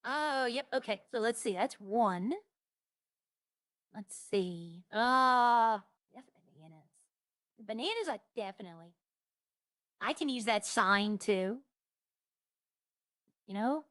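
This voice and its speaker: Higher-voiced woman musing aloud, dry sound. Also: animated, slow pace, long pauses, fairly bright tone, no echo. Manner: muses aloud, listing items as she browses. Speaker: roleplay streamer. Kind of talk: casual in-game chat.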